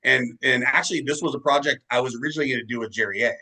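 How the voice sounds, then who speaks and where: A man's voice: mid-range voice, racing, sharp tone, low-quality recording. A male musician being interviewed, telling long rambling anecdotes in casual chat and swearing freely. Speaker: musician guest.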